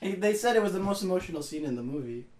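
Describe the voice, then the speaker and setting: A man's voice: high-pitched, animated, rapid-fire, a little mellow. A young man co-hosting a casual podcast chat, laughing and joking, often mimicking lines. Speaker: podcast co-host.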